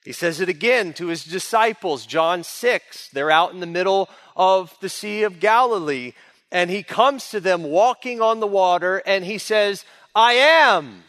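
A man's voice: high-pitched, unhurried, fairly bright tone. A man preaching a sermon as pastor, in an earnest, emphatic way. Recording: long reverb of a large hall.

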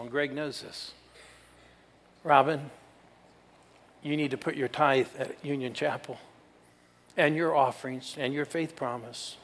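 A man preaches with lively energy, pushing the congregation to answer back. His voice sits a bit high for a man. The sound rings with the long reverb of a church hall. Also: gravelly, husky. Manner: energetic, calls for crowd responses. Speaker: guest preacher. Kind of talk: sermon. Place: church sanctuary.

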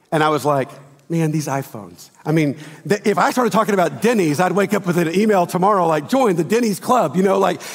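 A male pastor, his voice sitting fairly high. He preaches in a chatty, storytelling way and pokes fun at himself. The sound rings with the long reverb of a big church hall. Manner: storytelling, chatty, self-deprecating. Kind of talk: sermon. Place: church sanctuary.

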